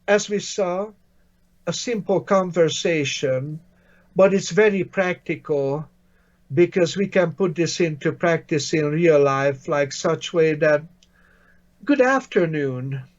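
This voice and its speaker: Slow, patient male language teacher. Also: a little high, muffled recording. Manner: patient, encouraging, praises often. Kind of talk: online language lesson.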